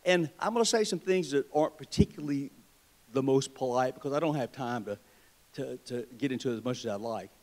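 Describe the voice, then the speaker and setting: A man with a Southern US accent addresses a convention crowd from the podium. He tells his stories in a folksy, wry, joking way. His voice sits at an average pitch for a man. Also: a little fast, darkish tone. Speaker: state treasurer giving a convention speech. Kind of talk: political speech with folksy storytelling. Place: convention hall.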